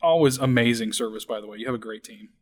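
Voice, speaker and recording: A man's voice: medium pitch, quick pace. Friendly podcast host, man. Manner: friendly, joking. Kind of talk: casual interview.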